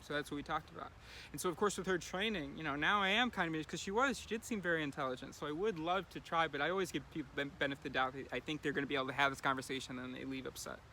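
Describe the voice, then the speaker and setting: Man, bright voice, slightly high, rambling video diary, faint traffic behind. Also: very fast. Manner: rambling, thinking aloud with many fillers. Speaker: vlogger. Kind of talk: casual daily video diary.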